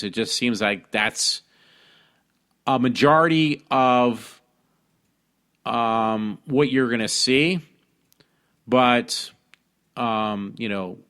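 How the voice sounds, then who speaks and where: A man's voice: mid-range voice, bright, forceful tone. Rambling man reading news aloud. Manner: reads articles aloud with frequent ums and restarts. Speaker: podcast host. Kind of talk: casual news-reading talk show.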